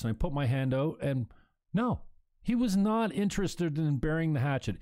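A male talk show host from Canada, with a voice sitting a bit higher than most men's. He talks bluntly and emphatically and swears freely as he makes his case. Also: big pitch swings, moderate pace, darkish tone. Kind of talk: heated opinion talk.

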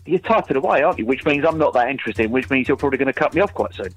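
A man's voice: mid-range voice, animated, racing, faint music behind, rough recording. A man calling in to a radio show, bantering jokily and putting on a Cockney-style voice. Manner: jokey, playful, tries out a put-on Cockney voice. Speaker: caller. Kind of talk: phone-in banter. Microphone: call line.

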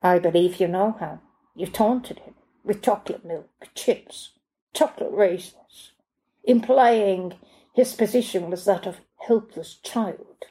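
A woman's voice: mid-range voice, slow, warm tone, natural voice. A woman reading aloud and voicing a dry, judgemental male butler who speaks in a stern, reproving way.

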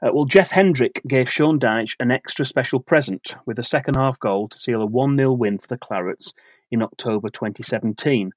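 A man co-hosting a football podcast, reading out a prepared match preview in a steady, measured way. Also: medium pitch, no echo, muffled recording. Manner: steady, measured delivery of facts and dates.

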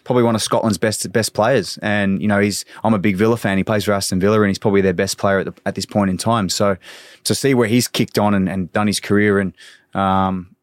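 Fast and steady in tone, this fairly low-pitched man is a former Australian footballer in his thirties. In a laid-back podcast chat he swears freely and acts out quoted voices in his stories, with a dry recording and clean studio sound.

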